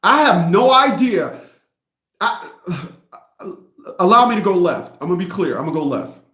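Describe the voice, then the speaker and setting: High-voiced man ranting bluntly in an echoey room. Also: big pitch swings, a little slow, pushed and bright. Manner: blunt, mocking, repetitive. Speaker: host. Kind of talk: livestream rant.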